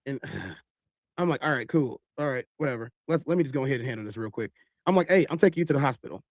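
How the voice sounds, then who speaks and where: A man telling a long story in animated style, acting out other people's voices. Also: medium pitch, fast, no room sound. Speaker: podcast host telling a story.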